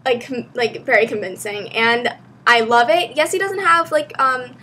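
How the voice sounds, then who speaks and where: A young woman vlogger chatting eagerly through a casual movie review, her voice bright and a little high. She gushes and piles on "like" as she talks. A faint hiss sits under the recording. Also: normal speed. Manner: gushing, excitable, lots of "like". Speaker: book vlogger.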